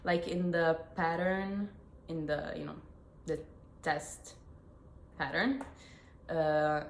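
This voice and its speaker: A young woman with an Italian accent speaks slowly in a low voice, chatting casually to camera as host of her knitting podcast. She corrects herself and giggles as she goes, recorded in an echoey room with faint noise.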